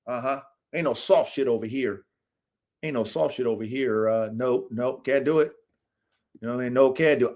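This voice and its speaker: A man's voice: mid-range voice, expressive, normal speed, a bit bright. A man hosting his own show, talking unscripted to viewers in an aggressive, profane, preachy street style. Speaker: show host.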